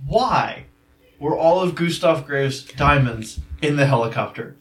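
A man's voice: fairly high pitch, expressive, unhurried, distant mic. A married man co-hosting a casual movie review chat, chatty and nitpicky about plot details. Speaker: podcast co-host.

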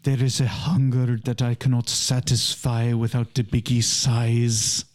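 A man's voice: medium pitch, little pitch movement, a little mellow, close to an everyday voice. A man doing a solemn German filmmaker narrator. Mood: grave. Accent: German (put on). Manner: slow, solemn, portentous delivery.

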